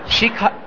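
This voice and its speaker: With a bright, forceful voice, an older Missouri church leader tells funny, self-deprecating stories in a folksy sermon, chuckling along the way. The recording, made in a hall, is dull and echoey, with slight background noise.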